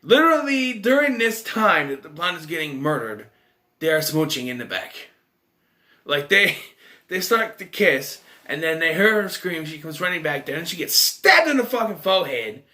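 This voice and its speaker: A young man rambles through a casual movie review with incredulous, rhetorical questions and many restarts. His pitch swoops widely as he talks. His tone is bright and keyed up. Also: animated, moderate pace.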